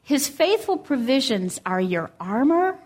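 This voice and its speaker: A woman preaching a sermon, telling a story in a gentle, earnest way and reading scripture aloud. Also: high voice, very animated, a little slow.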